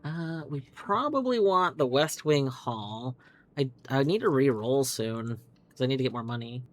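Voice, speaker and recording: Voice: mid-range voice, animated, normal speed, faint music behind. A game streamer talking through a live puzzle game, chatty and rambling, swearing casually. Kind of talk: live gameplay commentary.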